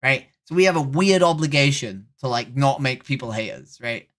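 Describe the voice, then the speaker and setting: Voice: medium pitch, lively intonation, moderate pace, a bit bright. A young adult livestreamer chatting with strangers on a random video chat site, talking bluntly, swearing freely and keeping up a wry running commentary.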